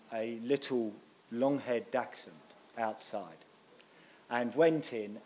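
A man's voice: medium pitch, darkish tone, slight background noise. A middle-aged man, a guest speaker giving a chatty, self-deprecating talk at church.

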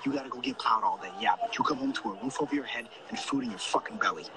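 A man's voice: medium pitch, very fast, crowd noise, close to an everyday voice. An actor playing a harsh, crude man bluntly lecturing a young woman, heard as TV audio in a live stream. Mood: menacing. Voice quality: blunt, profane. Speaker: actor in a TV drama clip. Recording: TV audio played over a live stream, noisy.

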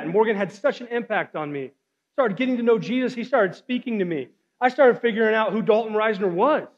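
A young man in his twenties giving an earnest guest sermon testimony, telling stories with casual "like" fillers. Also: high-pitched. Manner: earnest storytelling, frequent "like" fillers. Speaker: guest speaker. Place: church hall. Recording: dull sound with long hall reverb.

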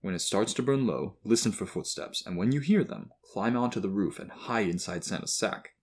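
A calm father who reassures his young son, speaking steadily and confidingly in a low, husky voice, as a man reads him. The voice stays close to the reader's own. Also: moderate pace. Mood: reassuring.

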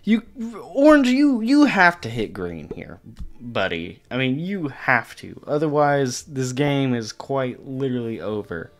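Man, gameplay commentary, animated pitch, slow unhurried delivery, exasperated, faint music behind. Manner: exasperated, talks to opponents, swears casually. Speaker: gaming channel host.

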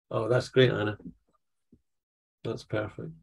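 A middle-aged man, leading an online poetry workshop over a video call in an encouraging, unhurried way. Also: medium pitch, gravelly, a little mellow, breathy edge. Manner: encouraging, unhurried, reads poems aloud.

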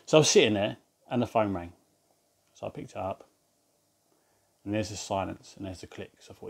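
A man telling a casual anecdote, animated, laughing often and swearing mildly. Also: fairly low pitch, quick pace, creaky. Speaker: vlogger.

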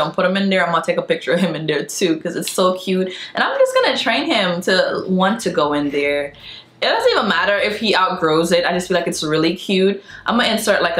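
A woman's voice: on the low side, fairly bright tone, reverberant. A young woman chatting casually to her viewers in a home vlog, gushing over each thing she shows. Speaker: vlogger. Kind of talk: casual haul vlog chat.

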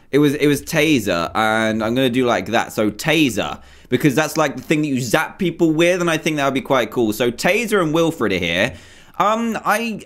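A young man hosting a gaming video, chatting casually over gameplay, excitable and rambling, with frequent ums and self-corrections. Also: fairly high pitch.

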